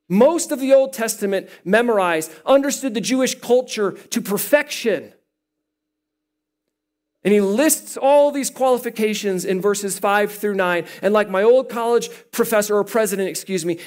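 A man preaching a sermon as pastor, animated and playful, joking with the listeners as he teaches. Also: high-pitched. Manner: animated, playful, jokes with the congregation.

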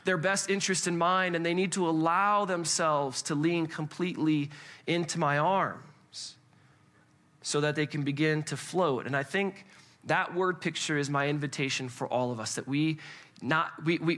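Man, pastor, sermon, high voice, bright tone, chatty, animated, repeats words. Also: normal speed. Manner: conversational, animated, repeats words when restarting. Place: church service with congregation.

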